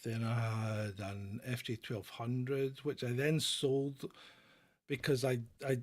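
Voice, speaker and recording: Blunt British man, husky voice. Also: mid-range voice, little pitch movement, slow pace. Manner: blunt, opinionated, rambling with restarts. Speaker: channel host answering viewer questions. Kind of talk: live Q&A chat.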